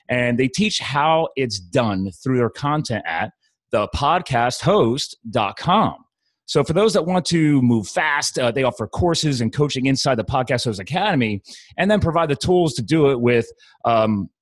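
A man's voice: mid-range voice, no room sound. A man hosting a podcast, chatting with a guest in an enthusiastic, rambling way. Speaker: podcast host. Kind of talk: casual interview chat.

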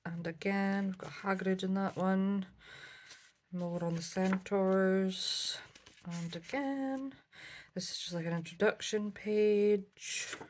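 Slow-talking woman showing a craft haul. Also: medium pitch, a little mellow, slight background noise. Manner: chatty, many ums, self-correcting. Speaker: craft vlogger. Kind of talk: casual show-and-tell haul.

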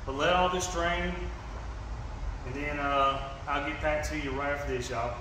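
A noisy background surrounds this fishing channel host from Georgia as he casually demonstrates a hands-on repair. He speaks at normal speed with a fairly high pitch and fairly even intonation, his folksy Southern talk full of "y'all," fillers, and restarts.

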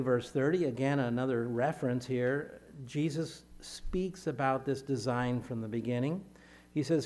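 A man delivering a sermon as a pastor, speaking in measured phrases and lifting his voice when he reads scripture aloud. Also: medium pitch, darkish tone.

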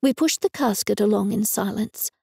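A woman's voice: mid-range voice, moderate pace, creaky, mellow, husky, dry recording. A woman narrating a cozy mystery novel in the first person, in a wry, dry manner. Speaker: audiobook narrator.

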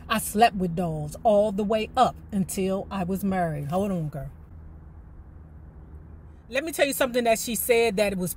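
A woman reading a memoir aloud and breaking off into animated, colloquial commentary. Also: medium pitch, a little hiss or hum. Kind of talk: book reading with casual commentary.

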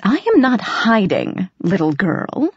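A woman's voice: on the low side, slow, creaky, slightly rough, dry recording, exaggerated voice. A huge gray tomcat drawls in an amused, purring voice, lazy and sly, as a woman puts him on. The recording is dry and a little dull.

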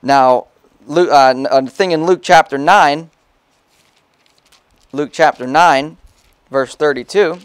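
A man's voice: a little high, slow, pauses often, clear, resonant tone, no echo. Man preaching, dry close sound. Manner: casual preaching, reads scripture aloud, frequent "okay?" asides. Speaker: pastor. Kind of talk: sermon. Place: church.

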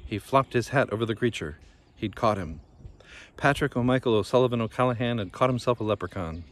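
A man with a fairly low voice reads a children's fairy tale aloud. His delivery is gentle and measured, in a classic storytelling style. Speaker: storybook reader.

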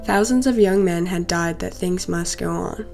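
A young woman, a student, narrating a literary short story in a steady, measured reading. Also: lowish voice, vocal fry, soft background music. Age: young adult. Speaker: student reader. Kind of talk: scripted narration.

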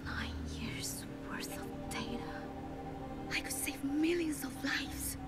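Mei, a gentle young scientist. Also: female voice, high voice, wildly swooping pitch, takes it slowly, whispered, heavily acted. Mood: resolute. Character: cheerful young female climate scientist. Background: loud score music.

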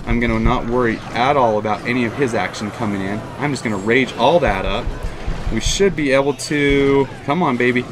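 Over background noise, a man with a medium-pitched voice commentates live on his own mobile game match as a gaming YouTuber. He's excitable and talkative, repeating himself often and cheering or groaning at the action.

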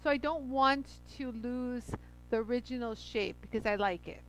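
High-voiced chatty woman livestreaming. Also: moderate pace, poor audio. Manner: chatty and effusive, greets viewers by name; laughs often. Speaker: livestream host demonstrating stone grinding. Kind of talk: casual livestream chat and demo.

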